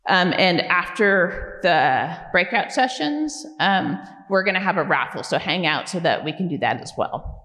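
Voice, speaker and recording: Low-voiced woman presenting in a reverberant hall. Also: very animated, a little slow, hardly any pauses, a bit bright. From California. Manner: conversational, many fillers like "um" and "right?". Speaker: program director presenting at a community meeting. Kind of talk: informal presentation to a public audience. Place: community meeting room. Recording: long reverb of a meeting hall.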